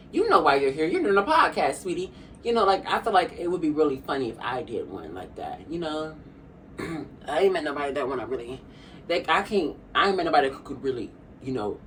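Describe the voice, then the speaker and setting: Sassy young woman chatting over her food, kinda lowish voice, a bit far from the mic. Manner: sassy, chatty, calls the viewer honey. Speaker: vlogger. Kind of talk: casual chat while eating. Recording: a bit distant from the mic, faint room hum.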